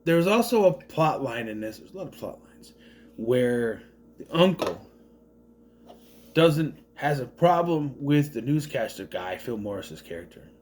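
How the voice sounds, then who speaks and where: A man's voice: medium pitch, sing-song, measured pace, a little mellow, a little hiss or hum. A man from southern Minnesota giving a casual, rambling movie review with joking asides.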